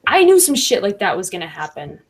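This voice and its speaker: A woman's voice: medium pitch, very animated, fairly quick, a crowd in the background. A woman hosting a livestream, reading chat comments aloud and chatting casually with lots of laughs. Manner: laughs often, fillers like "like" and "I don't know".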